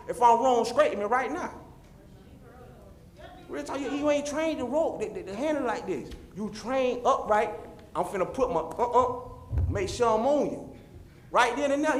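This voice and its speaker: A man giving a fervent, repetitive public comment that speaks straight to the officials. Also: sits high. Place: city meeting chamber. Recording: roomy echoey chamber.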